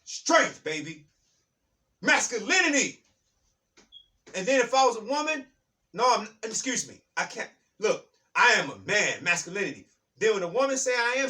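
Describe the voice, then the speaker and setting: A man giving an impassioned spiritual talk, fired up and preachy, repeating key lines and shouting words for emphasis. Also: high-pitched, far from the mic. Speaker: motivational speaker.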